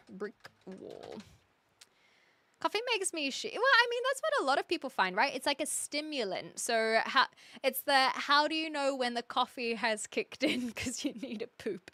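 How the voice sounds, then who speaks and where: A young woman on a live stream reads viewer comments aloud and thinks out loud, chatty and undecided. Her pitch is fairly high in a dry recording.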